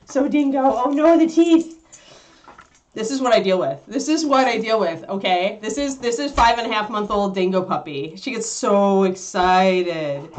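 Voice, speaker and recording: A woman hosting a casual livestream, animated and laughing, cooing at her puppy between remarks. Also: mid-range voice, normal speed, few pauses. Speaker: livestream host.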